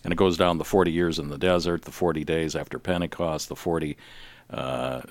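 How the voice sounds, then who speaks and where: A man's voice: a bass voice, fairly even intonation, brisk, dry recording. A man hosting a casual Catholic radio talk show, folksy and fond of telling jokes.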